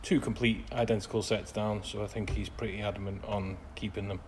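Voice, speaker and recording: A man's voice: lowish voice, little pitch movement, brisk, a little mellow, a little hiss or hum. A man narrating his classic car restoration work in a garage workshop, grumbling with dry sarcasm between practical explanations.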